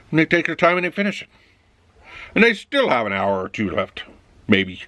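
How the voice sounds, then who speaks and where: A man's voice: medium pitch, bright, forceful tone, no room sound. A man talking casually in a rambling monologue, acting out both sides of little office dialogues. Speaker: vlogger.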